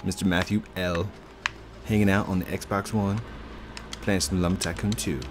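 A man with a deep, level voice hosts a gameplay video, chatting casually as he plays, teasing his guest and laughing often. He speaks at a moderate pace against a noisy background.

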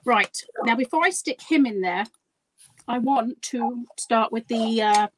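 A woman's voice: fairly high pitch, unhurried, a little hiss or hum, low-quality recording. A woman guiding a live craft demonstration, chatty, giggly and poking fun at herself as she works. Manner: chatty, giggly and self-deprecating. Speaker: guest crafter demonstrating a project.

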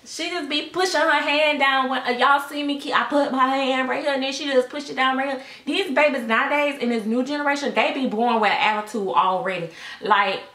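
A woman's voice: sits high, fairly quick, hardly any pauses, pushed and bright. Chatty sassy woman in an echoey room. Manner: chatty, sassy, acts out voices in quotes. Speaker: vlogger telling a story. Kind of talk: casual storytime chat.

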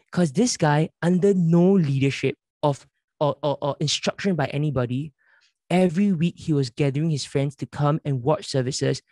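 A man's voice: on the high side, darkish tone, dry recording, studio quality. A man leading a church conference workshop, telling stories in an earnest way and acting out the dialogue. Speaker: church leader giving a workshop. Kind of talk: conference workshop talk with storytelling.

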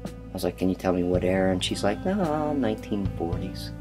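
A man's voice: sits low, fast talker, over music. A man telling a story about his house in a documentary, acting out the voices and knocking noises he recalls. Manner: animated storyteller, acts out quoted voices and knocking sounds.

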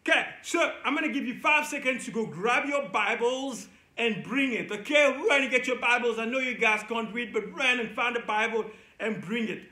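A man with a very high, bright, forceful voice leads a children's Bible lesson with playful energy. He coaxes young listeners into call-and-response chants. The sound rings around an echoey indoor room. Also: moderate pace. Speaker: children's church teacher.

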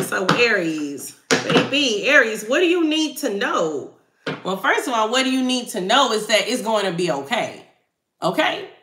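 A woman tarot reader chats with her live-stream viewers, speaking slowly and loosely, laughing easily and reading out their comments. Her fairly high voice has a bright, forceful edge, and the roomy, echoey sound carries slight background noise.

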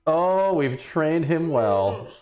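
A man's voice: on the high side, sing-song, drawn-out words, darkish tone, dull audio. A man streaming a game and chatting casually, laughing often and exclaiming at what happens on screen. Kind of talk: casual gameplay commentary.

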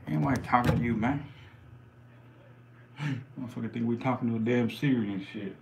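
Male live-stream host, mid-range pitch, loose slangy and profane patter with bursts of hype. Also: brisk, gravelly, long pauses, noisy background. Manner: slangy, profane, hyped banter. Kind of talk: casual live-stream commentary.

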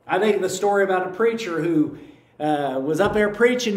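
A man's voice: high voice, expressive, fairly quick. A man with a Kentucky accent preaching a sermon as pastor of a church, telling folksy stories with repeated phrases. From United States. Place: church sanctuary. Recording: echoey room, voice from a distance.

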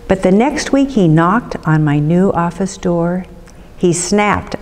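A city councilmember reads a rhyming children's book aloud at storytime, keeping a measured, rhythmic delivery. Her voice is on the low side, expressive and a little mellow, in a big-room sound.

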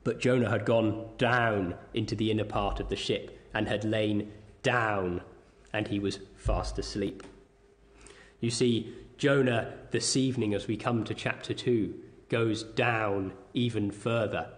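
A man preaching a sermon with a measured, deliberate delivery, reading scripture aloud and explaining it. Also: fairly low pitch, steady tone.

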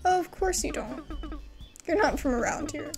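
A woman puts on a kindly old grandmother who keeps the woods, speaking in a high, soft, folksy way. She calls strangers "dear" and sounds gently old-fashioned, like a storybook elder in a cozy game. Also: lively intonation, moderate pace, faint music behind. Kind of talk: reading game dialogue aloud.

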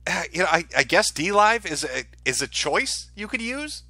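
A man's voice: high voice, sing-song, moderate pace, bright, forceful tone, dry recording. A man hosting a live stream, ranting in a profane, heated way. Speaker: streamer host.

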